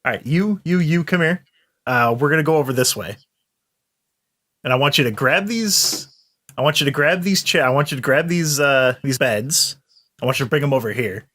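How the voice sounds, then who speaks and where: A man's voice: fairly high pitch, normal speed, fairly bright tone. A man voicing a doctor who hurries his staff along with bossy, clipped orders. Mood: commanding. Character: brisk male doctor giving orders.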